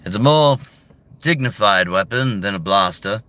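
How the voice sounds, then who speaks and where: A man playing a dignified old Jedi hermit who speaks gently and slightly nasally. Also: on the low side, lively intonation, moderate pace. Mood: kindly.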